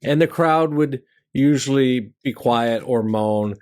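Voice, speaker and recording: A middle-aged man, a stand-up comedian and show host, telling stories about the craft in a conversational monologue that leaps up in pitch for punchlines. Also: slow pace. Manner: animated storyteller who jumps high in pitch for punchlines; conversational, with fillers and restarts.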